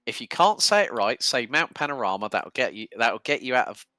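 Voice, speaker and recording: A man commentating a sim racing broadcast, calling the action quickly with casual fillers between remarks. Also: medium pitch, no echo. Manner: fast, excitable play-by-play with fillers.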